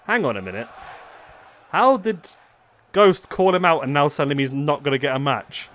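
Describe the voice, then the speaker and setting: A man's voice: a little high, animated, moderate pace, pauses often, a bit bright, slight background noise. A man giving playful, casual commentary over a wrestling game, joking about his own voices, his throat sore. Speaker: gaming YouTuber.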